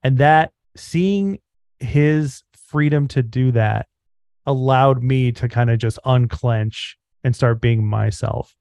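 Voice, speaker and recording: Earnest mid-pitched man, podcast co-host. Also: takes it slowly, darkish tone, dry recording. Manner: earnest and reflective, fillers like um and like. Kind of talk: casual podcast chat.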